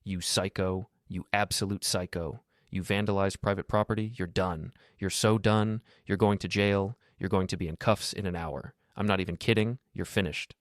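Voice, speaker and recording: A man's voice: sits low, steady tone, moderate pace, few pauses, dry recording, clean studio sound, lightly acted. A man voicing a panicky, defensive young man who blusters and repeats himself. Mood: rattled. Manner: rattled, repetitive blustering.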